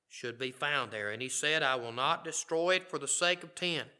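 Bright-voiced male preacher. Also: on the high side, moderate pace, few pauses, smooth. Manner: reads scripture aloud and comments conversationally. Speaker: pastor. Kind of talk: sermon.

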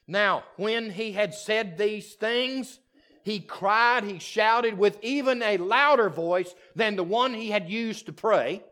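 A man preaching with a high, bright voice, stretching out his words slowly. He drives his points home by repeating them and shifts between booming declarations and quiet, intimate asides. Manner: impassioned and emphatic, repeating key phrases; swings from loud declarations to hushed asides. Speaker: pastor. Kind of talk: sermon.

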